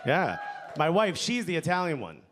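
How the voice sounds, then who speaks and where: A stand-up comedian performs live on a comedy club stage, speaking into a handheld mic at a moderate pace in a slightly high, fairly bright voice whose pitch swoops wildly. He chats along, tags lines with "you know?" and "okay?", and laughs at his own jokes. Faint music, audience laughter and crowd noise fill the live club recording.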